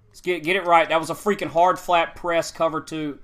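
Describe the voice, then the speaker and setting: A man giving raging gameplay commentary, ranting furiously, yelling insults and repeating himself. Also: on the high side, fairly even intonation, normal speed. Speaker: video game streamer.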